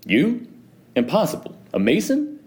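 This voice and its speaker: A man reading an audiobook, voicing a drunken, vain male wine connoisseur who talks in an excitable, boastful way. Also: fairly low pitch, a little fast. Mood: incredulous.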